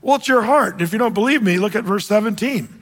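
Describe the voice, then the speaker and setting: High-voiced pastor guy preaching, chatty storyteller, leans hard on slow phrases, big echoey church hall. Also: expressive, a bit bright. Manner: conversational, storytelling, emphatic with slow stressed phrases. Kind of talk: sermon.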